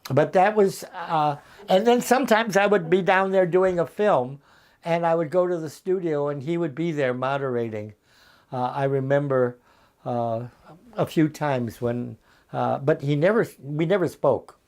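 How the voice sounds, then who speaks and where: A man in his eighties, a veteran actor as an interview guest, telling anecdotes in a lively, chuckling way over a video call from his home. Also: a little high, measured pace. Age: 80s. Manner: lively raconteur, often chuckling. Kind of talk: anecdotal storytelling.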